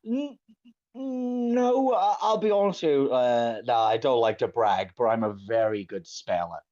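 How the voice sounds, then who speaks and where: A man in his late thirties from South Wales with a South Welsh accent, chatting casually, animated and self-mocking, swearing freely. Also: medium pitch, a little slow. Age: late 30s. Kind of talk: casual chat. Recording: dull lo-fi stream audio.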